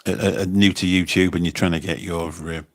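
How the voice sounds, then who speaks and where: At normal speed and in a steady, low voice, a taxi driver hosts a casual livestream. He chats into his phone while reading comments, rambling and often repeating himself.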